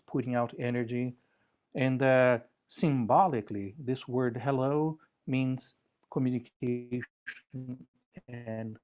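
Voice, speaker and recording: A man's voice: mid-range voice, darkish tone. Playful man leading vocal exercises. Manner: playful, lilting, breaks into sung syllables. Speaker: workshop presenter. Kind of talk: conference talk with vocal exercises.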